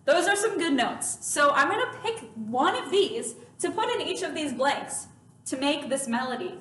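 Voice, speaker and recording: A woman's voice: high-pitched, lively intonation, normal speed, a bit bright, slight background noise. A woman music teacher giving a children's music lesson in a patient, encouraging way. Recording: echoey room, mic at a distance.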